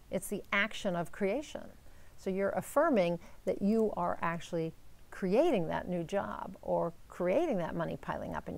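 Gravelly-voiced woman coaching casually. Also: medium pitch, a little mellow. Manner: coaching, upbeat, uses rhetorical "right?" and "okay?". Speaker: manifestation coach. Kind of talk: casual teaching talk.

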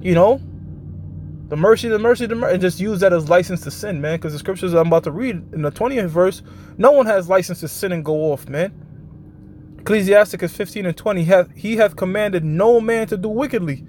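High-voiced blunt man preaching live. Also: darkish tone, slight background noise. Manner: blunt and profane, constant checks with his listeners; slows down for scripture passages. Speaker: street preacher hosting a live show. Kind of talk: informal preaching with scripture reading.

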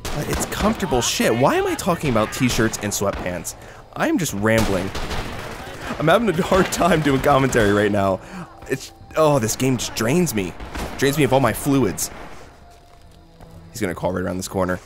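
A young man doing casual, excitable gameplay commentary, rambling, swearing and laughing between remarks. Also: mid-range voice, moderate pace, pauses often, music in the background. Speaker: gaming commentator. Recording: noisy with game gunfire behind. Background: gunfire and artillery from the game.

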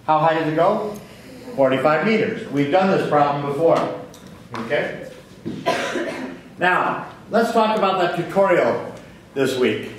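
A man's voice: a little high, distant mic, slight background noise. A man giving a physics lecture to a class, asking questions and answering them himself. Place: lecture hall. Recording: very echoey hall, voice from off-mic.

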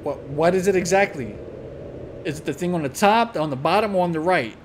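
A man's voice: a little high, animated, a little fast, a little hiss or hum. A young man streaming a horror game, talking in slang, swearing and crying out at every scare. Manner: jumpy, loud outbursts, swearing slang. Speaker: gaming channel host.

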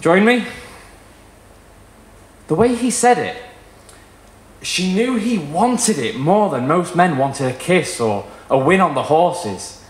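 Man reading a story aloud, lively voice. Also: a little high, slow. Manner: expressive storytelling. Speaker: reader. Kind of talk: live reading of a short story. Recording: echoey room at a live reading.

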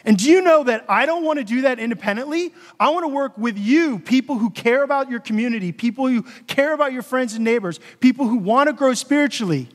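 A man's voice: very high-pitched, lively intonation, fast talker, few pauses. A pastor addressing his congregation at a church meeting, earnest and emotional, often checking in with the room. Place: church sanctuary. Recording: long hall reverb.

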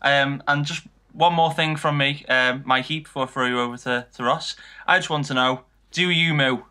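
A British man co-hosting a comedy podcast, asking questions with lots of halting restarts. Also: medium pitch, fairly even intonation, noisy background. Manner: halting, filler-heavy questioning. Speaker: podcast co-host.

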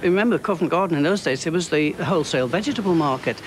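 British orchestra player outdoors, noisy street. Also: male voice, on the high side, animated, rapid-fire. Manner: chatty, imitates rhythms. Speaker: orchestra musician. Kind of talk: anecdotal interview.

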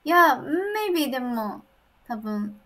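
A woman with a Japanese accent in casual conversation practice, speaking hesitantly with many pauses and fillers. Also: a little high, expressive, bright, forceful tone. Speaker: Japanese teacher, English learner.

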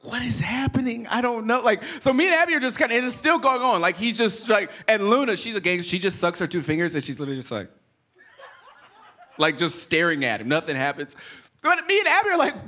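A man's voice: high voice, fast. A man in his thirties preaching a sermon, telling funny family stories in casual slang. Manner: animated, humorous storytelling in casual slang. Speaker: pastor.

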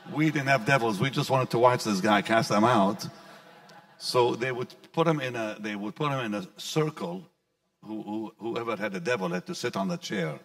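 A man's voice: medium pitch, vocal fry, a bit bright, far from the mic. A male pastor recounting his personal testimony in an interview, storytelling with frequent restarts and repeated words.

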